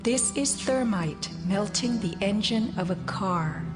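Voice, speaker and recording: A woman reads documentary narration in a measured, serious voice. Loud music plays underneath her throughout. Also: mid-range voice, lively intonation. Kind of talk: scripted narration.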